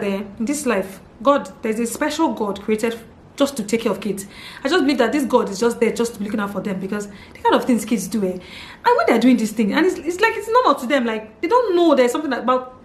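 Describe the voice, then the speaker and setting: Nigerian woman vlogger in her thirties, quick and excitable storyteller, a bit high, in an echoey room with faint hum. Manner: animated, dramatic retelling with exclamations. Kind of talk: casual storytelling to camera.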